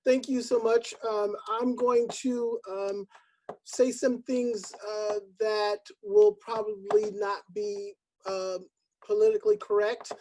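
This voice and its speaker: An older woman speaks into a video call, telling a story from her own life. She is a choral professor and talks in an earnest, halting way, pausing often on "um." Her pitch sits in the middle for a woman. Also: little pitch movement, darkish tone, slight background noise. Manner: halting, many ums, earnest. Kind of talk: personal storytelling on a webinar.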